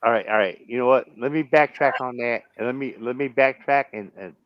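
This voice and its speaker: A man's voice: mid-range voice, fairly quick, no echo. An American man who has been drinking, arguing bluntly and profanely in a casual heated chat, often talking over the other speaker. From United States. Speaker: stream host. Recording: dull dry lo-fi sound.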